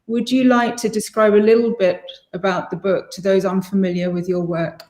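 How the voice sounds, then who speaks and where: A woman's voice: medium pitch, fairly even intonation, moderate pace, a little mellow, reverberant. A woman moderating an online panel discussion, introducing guests in a friendly way. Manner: friendly, apologetic about her French pronunciation.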